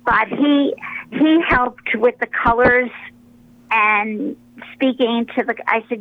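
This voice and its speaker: A woman, a religious sister, telling stories in a relaxed radio interview, pausing often with fillers as she rambles along. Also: fairly high pitch, phone-quality sound. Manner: rambling, warm storytelling with many pauses and fillers.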